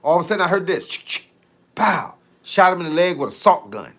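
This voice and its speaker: A man's voice: high voice, big pitch swings, quick pace. Slangy, joking man chatting live. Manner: laid-back and joking, heavy slang. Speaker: fitness coach hosting a live stream. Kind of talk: casual live-stream chat, reading viewer comments.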